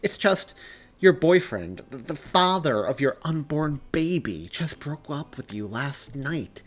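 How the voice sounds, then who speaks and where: A man's voice: a little high, big pitch swings, unhurried, pitched above the performer's own voice. A man reading a story aloud and voicing an awkward, guilty bearded man who talks hesitantly and stumbles over his words. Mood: nervous. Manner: hesitant, stumbling and self-conscious. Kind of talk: audiobook character reading.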